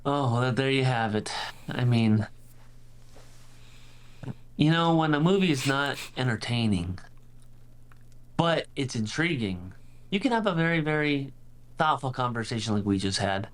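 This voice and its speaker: A man's voice: mid-range voice, lively intonation, a little slow, long pauses, a little hiss or hum. A man hosting a film podcast, closing the episode in a playful, mock-emotional, teasing way. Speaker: podcast host wrapping up. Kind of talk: casual podcast sign-off.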